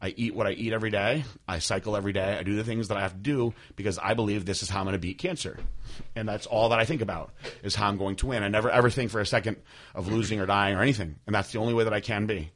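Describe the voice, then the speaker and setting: A young man hosting a podcast, telling a personal story candidly, with many fillers and halting restarts. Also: fairly low pitch, fairly even intonation, a bit bright. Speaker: podcast host.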